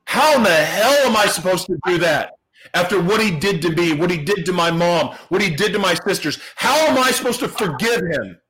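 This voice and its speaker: A man giving a personal testimony speech to an audience, earnest and emotional, repeating phrases for emphasis and dropping to a hush at tender moments. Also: high voice, brisk, rough recording. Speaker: motivational speaker sharing his life story.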